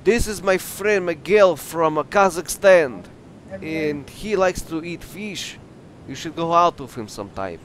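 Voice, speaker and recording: A goofy, slow-talking Russian-sounding man, introduced with mock formality, as a young man puts the voice on. The pitch sits a little high and the words are drawn out. He sounds like a joke character from a game chat. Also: lively intonation, fairly bright tone, slight background noise. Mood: mock-serious.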